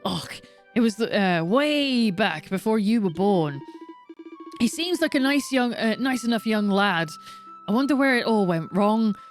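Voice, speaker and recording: A woman voicing a reflective old man who muses slowly over the past. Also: medium pitch, lively intonation, faint music behind, lightly acted. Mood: musing. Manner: slow, musing.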